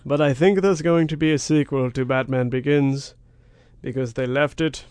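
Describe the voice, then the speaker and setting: A man's voice: mid-range voice, steady tone, normal speed, a little mellow, clear, resonant tone, dry recording, clean studio sound. A man co-hosting a casual talk show, laid-back and wry, trailing into mumbled asides. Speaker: podcast co-host. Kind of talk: casual chat.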